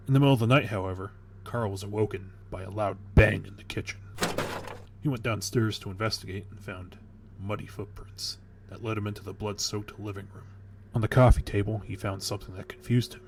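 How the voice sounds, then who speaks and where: A man's voice: fairly low pitch, a little hiss or hum. A man narrating a horror story in a casual, crude way, with nervous restarts. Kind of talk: creepypasta storytelling.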